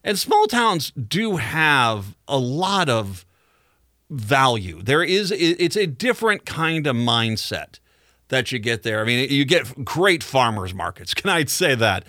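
Radio host, male, bright forward tone, dry close mic, loose rambling storyteller. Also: mid-range voice, very animated, takes it slowly, no echo. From Midwest United States. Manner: rambling storyteller with frequent restarts and chuckles. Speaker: radio talk show host. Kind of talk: casual monologue.

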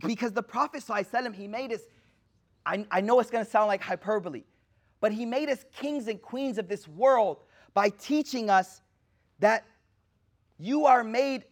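A man's voice: very high-pitched, moderate pace, long pauses. A man giving a religious lecture, retelling a narration with acted-out quotes and casual slang. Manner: animated, slangy, acts out quotes. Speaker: Islamic teacher. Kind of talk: lecture storytelling.

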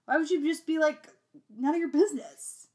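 A young woman co-hosting a casual movie recap podcast, animated and laughing, mimicking lines in exaggerated voices. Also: sits high, brisk. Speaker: podcast co-host.

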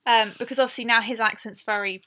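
Southern English woman in her twenties, bright tone, casual podcast co-host who laughs easily. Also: a little high, steady tone, quick pace. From southern England. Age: 20s. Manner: chatty, laughs often, quotes people in put-on voices. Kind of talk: casual chat.

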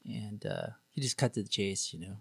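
Gravelly man telling his story. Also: on the low side, moderate pace, fairly bright tone, no echo. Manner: sarcastic, candid, rambling with fillers. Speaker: podcast guest. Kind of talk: casual storytelling.

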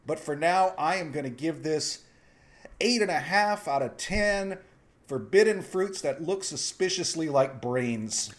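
A man co-hosting a casual TV review chat, giving his rating in a hesitant, low-key way. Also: lively intonation, measured pace. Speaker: podcast co-host reviewing a TV series.

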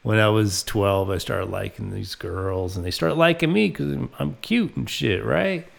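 A man's voice: on the low side, a little slow, creaky. A man hosting his own comedy show, telling rambling, profane stories about his past. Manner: profane, rambling storytelling with acted quotes. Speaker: comedic podcast host. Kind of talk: crude comic monologue.

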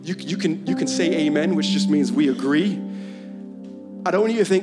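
A man with a fairly high voice preaching a sermon. He reads psalms earnestly and rises into a loud, fervent chant. Music plays clearly behind him. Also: a little fast, long pauses.

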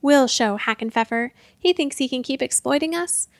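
A woman's voice: high voice, normal speed, no echo. A woman voicing a big, blunt male monster who stomps and plots revenge. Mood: vengeful.

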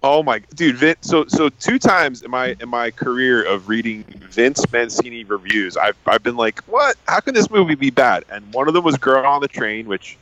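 Man ranting in excited casual chat. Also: mid-range voice, normal speed, hardly any pauses, dull audio, a little hiss or hum. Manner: excited, ranting, animated retelling.

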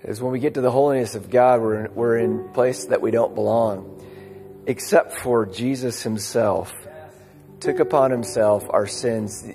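A male pastor preaches in a relaxed, conversational way in a church sanctuary, his voice gravelly with fry. A long reverb of a large hall surrounds him. Soft instrumental music plays faintly underneath. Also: medium pitch, measured pace. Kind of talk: sermon.

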